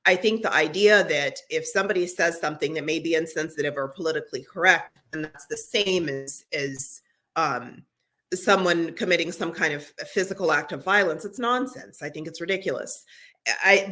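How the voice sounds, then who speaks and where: A woman's voice: fairly low pitch, bright, forceful tone. A middle-aged woman co-hosting a podcast, talking earnestly in casual conversation with frequent restarts. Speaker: podcast co-host.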